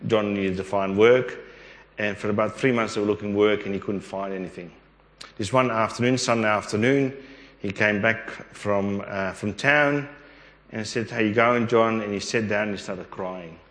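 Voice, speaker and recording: A middle-aged Australian man with a low voice tells a personal story. He rambles animatedly and throws in quick asides. The room is echoey, with a long reverb trailing his words. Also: fairly bright tone. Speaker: interview guest. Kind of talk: storytelling testimony.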